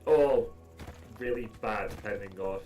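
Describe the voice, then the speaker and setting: A man serving as community ambassador on a casual gaming livestream, talking in halting bursts with many fillers. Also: on the low side, a little mellow, soft background music. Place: gaming livestream with game music behind.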